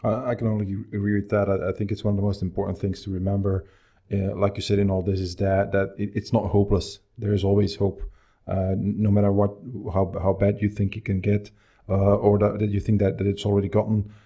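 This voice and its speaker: A man's voice: lowish voice, monotone, fairly quick, dark tone, slightly rough, dull audio. A man hosting a podcast, asking questions casually with hesitant, repeated words. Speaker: podcast host.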